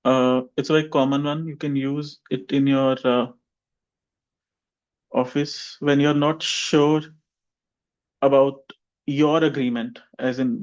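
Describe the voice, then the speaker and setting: Man, English teacher on a video call, a little high, muffled lo-fi line, demonstrates intonation. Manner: models sentences with exaggerated intonation, calls on students. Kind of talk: online class teaching. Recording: dull lo-fi online call audio.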